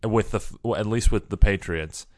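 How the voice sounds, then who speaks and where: A young man co-hosting a casual chat, joking, opinionated and quick to tease. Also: fairly low pitch. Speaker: podcast co-host.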